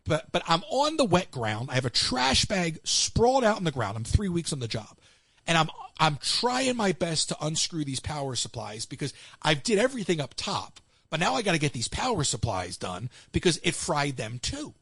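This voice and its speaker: A man's voice: on the high side, moderate pace, vocal fry, breathy edge, no room sound. An American man hosting a call-in show, telling stories in casual chat and acting out what others said. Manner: animated storyteller acting out quotes.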